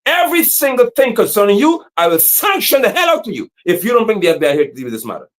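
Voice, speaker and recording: A man giving impassioned livestream commentary as an activist, preaching and repeating slogans, sometimes shouting. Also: high-pitched, huge pitch swings, fast.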